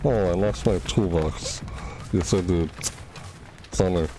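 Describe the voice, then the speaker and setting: A man's voice: low voice, measured pace, warm tone, faint music behind. A man casually commenting on his own gameplay from a home setup, chatty and easily panicked, talking to himself as he plays. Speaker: gaming channel host.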